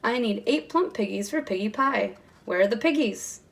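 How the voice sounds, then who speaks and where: A shrill, cranky witch barks insults and demands, as a woman reading a picture book puts her on. The voice is high and screechy, pitched up from a bright storytime reading. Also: expressive, normal speed, gravelly. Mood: bossy.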